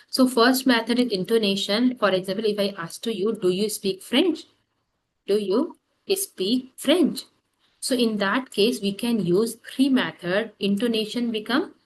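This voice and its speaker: A woman leads a classroom lesson in a mid-pitched voice. She talks in halting bursts, repeating each key term and padding her pauses with "that is". A faint hum of room noise sits under her voice. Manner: halting, repeats terms, fills gaps with "that is". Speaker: French teacher. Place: classroom with students.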